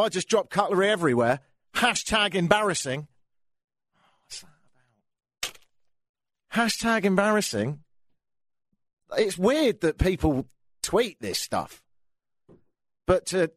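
A man's voice: on the high side, no echo. An English man hosting a talk radio show, grumbling through a sardonic rant into a studio microphone. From England.

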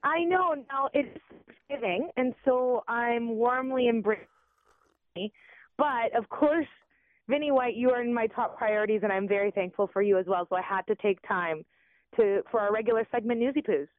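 A woman's voice: on the high side, moderate pace, no room sound. Playful woman on a tinny phone line. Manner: playful, laughs easily. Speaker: news anchor. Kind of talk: casual radio chat.

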